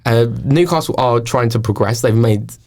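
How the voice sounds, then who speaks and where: A man co-hosting a football podcast, relaxed and thinking aloud, laughing often. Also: mid-range voice, moderate pace. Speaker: podcast co-host. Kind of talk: casual football chat.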